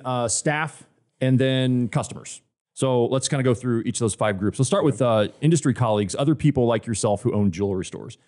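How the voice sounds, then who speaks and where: Fast-talking friendly male interviewer. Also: mid-range voice, a little mellow. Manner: quick, friendly, asks questions with fillers. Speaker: podcast interviewer. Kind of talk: casual podcast interview.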